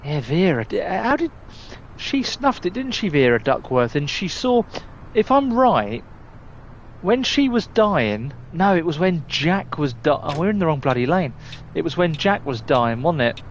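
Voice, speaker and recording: A man talks slowly and casually as he streams a driving game, rambling and restarting his sentences with the odd mild curse. A faint hum sits under his voice. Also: a little high, sing-song. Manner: chatty, rambling, stumbling restarts, mild swearing. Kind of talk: casual live gameplay chat.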